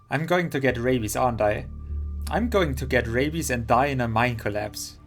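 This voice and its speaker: A man's voice: mid-range voice, a little slow, soft background music, lightly acted. A man voicing a nervous, superstitious young woman, read in an anxious, fretful way. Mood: panicky.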